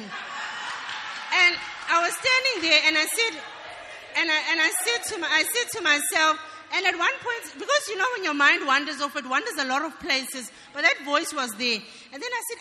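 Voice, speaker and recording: A woman stands in church giving her personal testimony, earnest and emphatic. Her voice sits fairly high and sounds bright and sharp. The sound carries a long reverb from the church hall. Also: expressive, normal speed.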